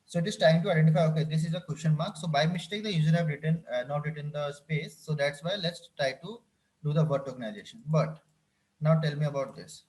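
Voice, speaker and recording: A man's voice: fairly high pitch, quick pace, a little mellow. Repetitive male coding instructor. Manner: repeats phrases, checks understanding with questions. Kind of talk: live coding tutorial.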